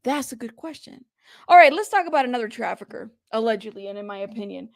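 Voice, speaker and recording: A woman hosting a casual live stream, chatty and playful, reading viewer comments aloud and giving shout-outs. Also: fairly high pitch, expressive, quick pace, gravelly, dry recording, studio quality. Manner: playful, teasing. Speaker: livestream host.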